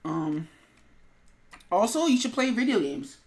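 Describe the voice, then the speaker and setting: A woman's voice: mid-range voice, very animated, measured pace, a little hiss or hum. A woman streamer chatting casually to viewers while she works on an animation, rambling with lots of fillers and mumbling to herself.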